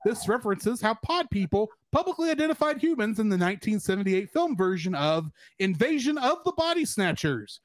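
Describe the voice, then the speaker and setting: A man's voice: sits high, very animated, a little fast, few pauses, no room sound. A man hosting a casual podcast chat, explaining references and recapping scenes. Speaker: podcast host.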